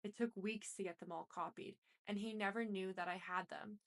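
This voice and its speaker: A woman's voice: mid-range voice, steady tone, brisk, fairly bright tone. A woman reading aloud a dramatic first-person story, in an intense and emotional way. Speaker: reader.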